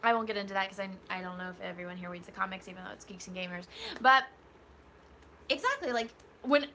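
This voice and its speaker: A woman's voice: medium pitch, quick pace, sharp tone, slight background noise. A young woman co-hosting a casual livestream chat, talking in an earnest, chatty, rambling way. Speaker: podcast co-host.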